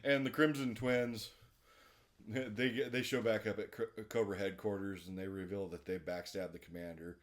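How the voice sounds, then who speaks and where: Male podcast co-host with a lowish voice, chatty plot recap, easy laughter. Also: level tone, normal speed. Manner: recounts plot at length, laughs often. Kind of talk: casual episode recap chat.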